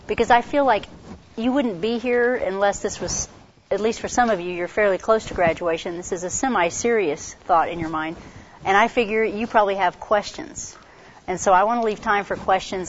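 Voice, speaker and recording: A woman with a congested voice giving a casual workshop talk on campus ministry, chatty and quick, full of fillers and restarts. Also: medium pitch, a little hiss or hum. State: congested from a cold. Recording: dull lo-fi recording.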